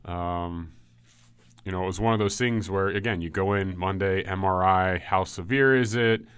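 Low smooth-voiced man telling stories. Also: moderate pace, no echo. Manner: relaxed storytelling with frequent ums and likes. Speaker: former football player guest. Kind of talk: casual podcast chat.

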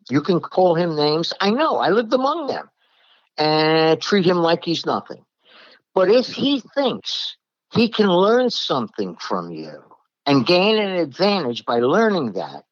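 A man's voice: a little high, no echo, muffled recording. A man from New York preaching a blunt, emphatic Bible-teaching sermon in a plain-spoken way.

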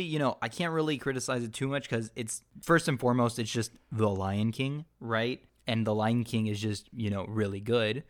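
A man's voice: medium pitch, clear, resonant tone. A young man co-hosting a casual film review, opinionated and rambling as he talks. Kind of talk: casual chat.

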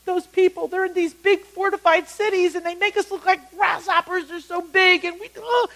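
A high, strained and whiny voice of fearful ancient scouts , as a woman teaching puts them on, louder than her own talk and full of exaggerated dismay. They sound like they are complaining to each other. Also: fairly even intonation, normal speed, rough recording.

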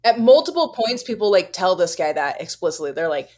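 Lively, blunt woman podcaster. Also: on the low side, a little fast. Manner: blunt and outspoken, laughs often. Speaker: podcast co-host. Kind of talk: casual chat.

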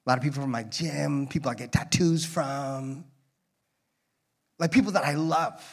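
A man gives a relaxed, off-the-cuff sermon in church, his voice sitting a little high. He jokes with the congregation and drifts into tangents before pulling himself back. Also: normal speed. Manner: rambling, joking, drifting into tangents. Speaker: guest preacher. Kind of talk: casual conversational sermon.

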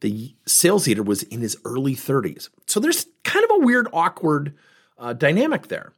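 Husky, lively-voiced man in his fifties. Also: fairly high pitch, normal speed. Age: 50s. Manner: animated storyteller, acts out both sides of dialogues. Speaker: podcast host and sales coach. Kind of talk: conversational storytelling.

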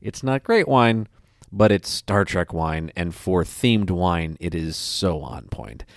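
A man's voice: low voice, animated, takes it slowly, no echo, studio quality. A man hosting a casual podcast, talking with enthusiasm and rambling through many restarts. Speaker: podcast host. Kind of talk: casual chat.

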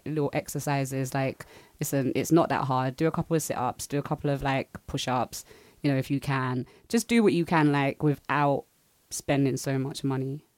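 A woman's voice: deep voice, darkish tone, no room sound. Woman on a panel, giggly and chatty, dry close sound. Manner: bubbly, laughing, acts out her own voice in quotes. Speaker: panel guest. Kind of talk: casual panel chat.

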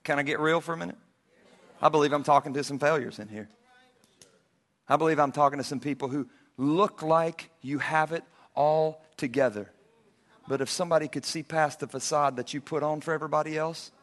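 A man preaching a sermon as a pastor, telling stories in a lively way and acting out the characters. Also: fairly high pitch. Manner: animated storytelling preacher who acts out the characters. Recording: reverberant hall.

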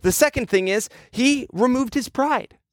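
A man preaching a sermon, telling a childhood story in a lively, conversational way. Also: extremely high pitch, moderate pace, no echo, clean studio sound. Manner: storytelling, animated with childhood anecdotes. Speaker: pastor.

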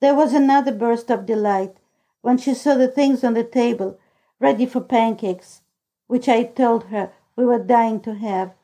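A woman narrating a classic children's novel as an audiobook reader, calm and even. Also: a little high, moderate pace. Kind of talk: scripted storybook narration.

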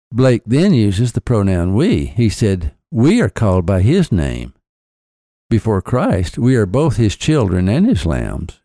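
A man explaining poetry in a scripted podcast, lecturing with deliberate emphasis on key phrases. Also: fairly low pitch, warm tone, no room sound, clean studio sound. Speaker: author and podcast guest lecturer. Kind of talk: scripted literary commentary.

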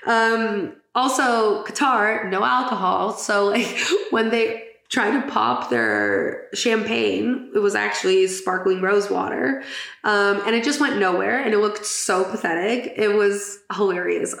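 Chatty giggly woman with gravelly voice. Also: mid-range voice, unhurried, fairly bright tone, echoey room. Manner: chatty, giggly, swears casually. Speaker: podcast host. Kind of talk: casual chat.

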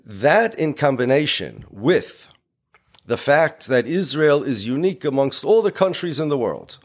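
Man, lecture, emphatic and explanatory, medium pitch. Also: very animated, a little slow. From United States. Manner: emphatic and explanatory, with many Yiddish and Hebrew words. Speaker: speaker.

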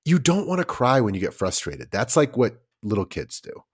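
A man co-hosting a podcast in casual chat, animated and acting out little quoted voices, with many fillers and restarts. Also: mid-range voice, moderate pace, slightly rough. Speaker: podcast co-host.

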